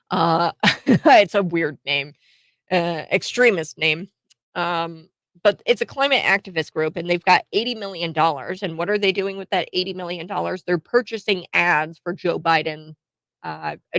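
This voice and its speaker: A woman hosting a radio talk show, giving animated, mocking political opinions with frequent restarts. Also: fairly low pitch, dry recording. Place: radio studio.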